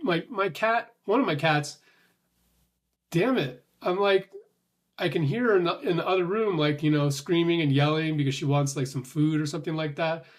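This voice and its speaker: A man's voice: fairly high pitch, moderate pace. Rambling, short-of-breath man thinking aloud. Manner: rambling, frequent restarts, swearing. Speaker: vlogger. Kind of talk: casual thinking-aloud monologue.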